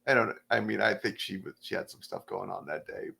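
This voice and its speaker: A middle-aged stand-up comedian chatting casually on a podcast, a relaxed storyteller who acts out the voices in his anecdotes. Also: low voice, a little fast, creaky.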